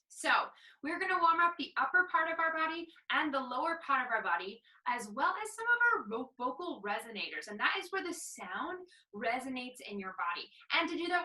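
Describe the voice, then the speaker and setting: A woman teaching artist cheerfully guides a movement warm-up. Her voice is bright and ringing, picked up from a few steps away in an echoey room. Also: sits high, recorded from a distance. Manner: encouraging, upbeat instructions.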